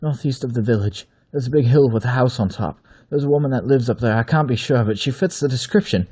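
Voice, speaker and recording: A man's voice: mid-range voice, expressive, a little fast, warm tone, pitched above the performer's own voice, natural voice. A man reading aloud and voicing a frightened village man who stammers and pleads in a hurry. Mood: hurried.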